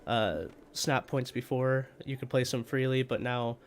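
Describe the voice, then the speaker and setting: A man's voice: medium pitch, fairly even intonation, a little slow. A man with a stuffy voice from a cold, hosting as game master and rambling through announcements with many fillers. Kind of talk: casual tabletop game chat.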